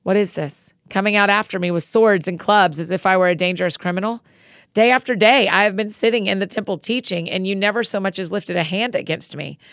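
A woman voicing Jesus as a calm, direct man speaking firmly. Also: mid-range voice, a little fast, no room sound, studio quality, lightly acted. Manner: firm, direct rebuke.

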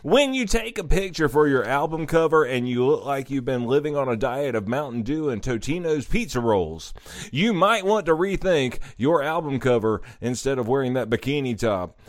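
A man hosting a radio music show, mocking listener-sent songs with crude, sarcastic jokes and loud outbursts. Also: medium pitch, expressive, moderate pace, dry recording, studio quality. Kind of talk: comedic music review rant.

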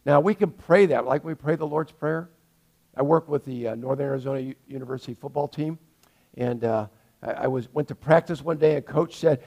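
Older male pastor, gravelly, slightly high voice, earnest, loud then hushed. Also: normal speed. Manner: earnest, swings from loud pleading to soft and hushed. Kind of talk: sermon.

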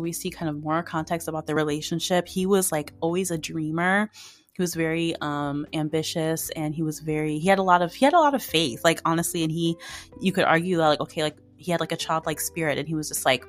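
A woman hosting a podcast, chatting casually and excitedly about dramas, with lots of "like" fillers. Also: sits low. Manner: chatty and excitable, heavy use of "like". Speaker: podcast host reviewing dramas.

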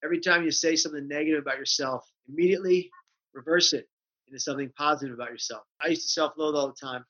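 An earnest man with a fairly high voice talks with emphatic conviction, often repeating his phrases for effect. The recording sounds dull and lo-fi. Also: fairly even intonation, racing, pushed and bright. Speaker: guest speaker on mental health. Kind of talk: passionate conversational storytelling. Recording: dull lo-fi audio.

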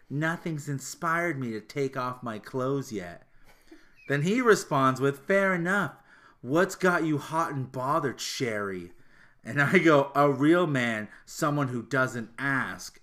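A man co-hosting a casual podcast chat, ranting animatedly with plenty of swearing. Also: mid-range voice. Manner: animated, profane ranting with laughter. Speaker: podcast co-host.

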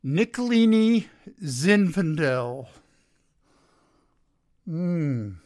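A radio show host giving a casual opinion monologue from home, halting with many filler pauses. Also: mid-range voice, big pitch swings, a little mellow, no echo.

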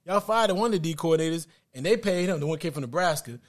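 A man co-hosting a sports podcast, talking animated and quick in casual chat. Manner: animated, quick, jumping pitch. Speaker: podcast co-host.

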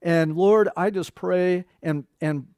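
A man's voice: high voice, takes it slowly, a little mellow, no room sound, studio quality. A middle-aged man preaching a sermon in a conversational way, quoting scripture and talking to his congregation. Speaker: pastor.

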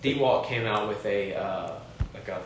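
Man, lowish voice, laid-back chatter, heavy room echo, faint rumble. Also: moderate pace. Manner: laid-back, swears casually, many "like" fillers. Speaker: podcast co-host. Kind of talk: casual podcast chat.

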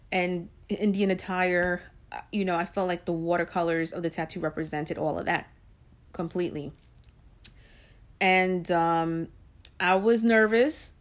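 Woman vlogger, chatty personal storyteller, loose and conversational with plenty of filler words. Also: on the low side. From Guyanese and Puerto Rican heritage. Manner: chatty, with frequent ums and likes.

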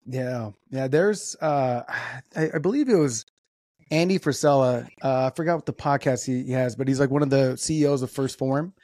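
In a casual interview chat, a podcast host talks in a laid-back way, swearing freely and using lots of fillers. His mid-range voice has a darkish tone and moves at normal speed. The studio sound is clean, with no echo.

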